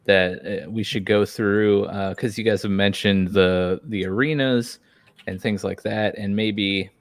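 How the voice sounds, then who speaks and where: Deep-voiced man hosting a casual podcast. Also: steady tone, measured pace, dry recording. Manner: rambling, frequent fillers and restarts. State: losing his voice. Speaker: podcast host.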